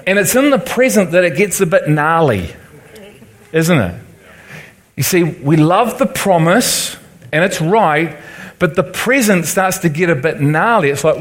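A man's voice: high-pitched, very animated, moderate pace. Liverpudlian man preaching to his congregation. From Liverpool, England. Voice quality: conversational, asks the room for agreement. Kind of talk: sermon teaching.

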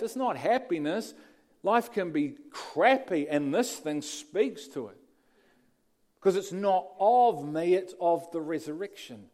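A man preaching a sermon, shifting between quiet passages and emphatic lines. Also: sits high, lively intonation, takes it slowly.

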